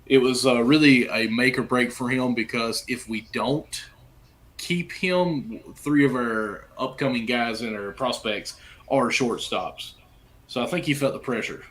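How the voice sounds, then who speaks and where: A man's voice: mid-range voice, unhurried, fairly bright tone. A man co-hosting a card-opening show in casual chat, rambling and hedging with fillers as he talks. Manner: rambling, talks through his thoughts with fillers and hedges. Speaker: co-host opening baseball cards.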